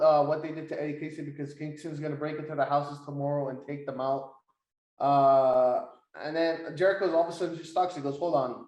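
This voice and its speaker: A young man co-hosting a casual wrestling podcast, excitable and swearing as he retells segments. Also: fairly high pitch, reverberant, low-quality recording. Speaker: podcast co-host.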